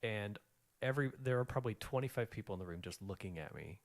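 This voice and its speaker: Interview guest, forties, deep male voice, loose anecdotal delivery. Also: fast talker. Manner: rambling, animated anecdotes with many fillers. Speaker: guest, financial planner. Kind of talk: casual storytelling interview.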